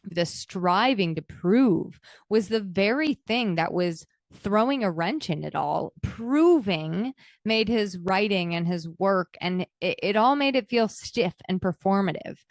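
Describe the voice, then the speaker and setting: A woman's voice: medium pitch, dry recording, clean studio sound. A woman hosting her own podcast, speaking candidly and reflectively, sometimes emotional. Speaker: podcast host. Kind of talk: reflective personal podcast talk.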